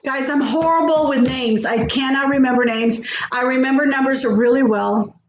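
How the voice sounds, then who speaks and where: A chatty middle-aged woman talks to her viewers while cooking at home, often laughing and reading their comments aloud. Her voice sits high, and the kitchen echoes around her. A faint hum of ambience sits under her voice. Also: moderate pace. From South Texas. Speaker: vlogger. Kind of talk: casual chat while cooking.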